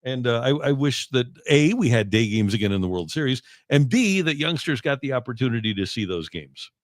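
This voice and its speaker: A man in his sixties hosting a sports talk show, reminiscing in a relaxed, halting way with many fillers. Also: mid-range voice, no room sound, clean studio sound. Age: 60s. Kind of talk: casual sports radio chat. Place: radio studio.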